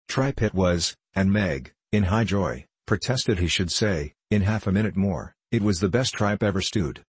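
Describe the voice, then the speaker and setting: A man narrating a classic novel at a steady, measured pace. His voice is deep and husky. The recording is dry and close. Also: dry recording.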